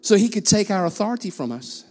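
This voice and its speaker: A man's voice: sits high, very animated, quick pace, a little mellow, big-room sound, soft background music. A man preaching a sermon as a guest speaker in a church, blunt and self-mocking in his delivery. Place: church hall.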